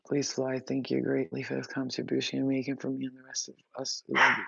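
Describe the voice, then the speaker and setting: A woman's voice: a bass voice, completely flat delivery, fast, creaky, a bit bright, breathy edge, no room sound. A woman spiritual healer chatting casually on a livestream, reassuring and blunt, with a sweary streak. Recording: dull, dry lo-fi sound.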